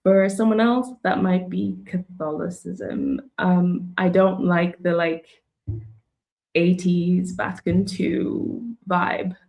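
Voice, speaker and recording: A woman in casual conversation who speaks thoughtfully and hesitantly, with many pauses and fillers. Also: on the low side, creaky, darkish tone, dull audio. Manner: thoughtful, hesitant, full of ums and likes.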